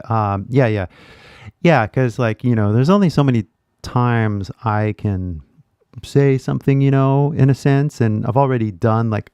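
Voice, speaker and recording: A man's voice: on the low side, creaky, mellow, no echo. A man with an American accent, an English teacher giving casual commentary in a loose, filler-heavy way with switches into Japanese.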